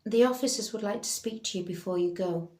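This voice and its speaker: A man's voice: high voice, fairly quick, darkish tone, natural voice. A woman voicing a polite, formal male paramedic, apologetic in tone. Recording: roomy echo.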